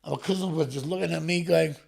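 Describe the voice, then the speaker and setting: A man's voice: a little high, quick pace, vocal fry. A man from England, a podcast guest, telling his story bluntly, swearing often and acting out what people said. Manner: blunt, swearing, acts out dialogue. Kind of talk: storytelling interview.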